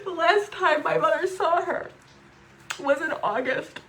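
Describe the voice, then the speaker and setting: Tearful woman, high voice, distraught, repetitive and swearing in a raw personal vlog monologue. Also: unhurried, a bit bright, a little hiss or hum. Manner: distraught, repeats herself, swears. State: crying.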